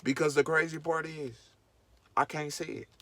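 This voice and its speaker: A man's voice: fairly high pitch, level tone, moderate pace, pushed and bright. A man vlogging in casual to-camera commentary, emphatic and preachy, repeating his points over and over.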